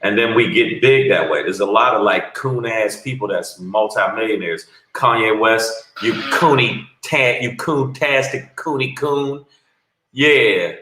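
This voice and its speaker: A man's voice: lowish voice, unhurried. Blunt, profane male comedian in an echoey room. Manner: blunt, profane, animated storyteller. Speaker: comedian guest. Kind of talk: casual storytelling interview.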